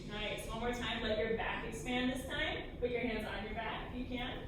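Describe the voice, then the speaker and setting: A woman with a fairly high voice guides a choir through stretches and breathing exercises with encouraging, step-by-step cues. She sounds distant from the mic in a very echoey rehearsal room, with music clearly in the background. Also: moderate pace, heavy background noise. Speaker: choir director leading warm-ups. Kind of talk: vocal warm-up instruction.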